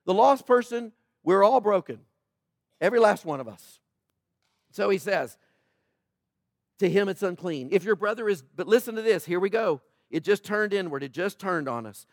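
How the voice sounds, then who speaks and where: Man, pastor, sermon, high voice, dry close sound, conversational preaching, loud pleas and quiet stresses. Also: animated, moderate pace, pauses often, dry recording. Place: church.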